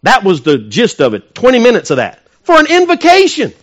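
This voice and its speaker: Male pastor, high tenor voice, emphatic preaching that swells loud then drops to hushed asides, asks the congregation questions. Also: wildly swooping pitch, a little fast, muffled recording. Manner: emphatic preaching, rising to loud peaks and dropping to soft, intimate asides. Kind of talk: sermon.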